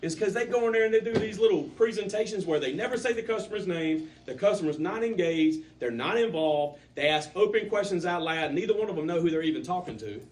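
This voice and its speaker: A man running a sales training for a live group, coaching with animated, repetitive emphasis. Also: high-pitched, fast talker, few pauses, distant mic.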